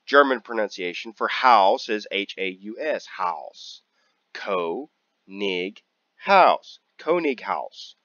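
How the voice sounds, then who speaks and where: Slow, joking gaming host, dull dry sound. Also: male voice, lowish voice, sharp tone, no echo. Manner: joking, rambling, drags out and repeats words. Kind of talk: casual gameplay commentary.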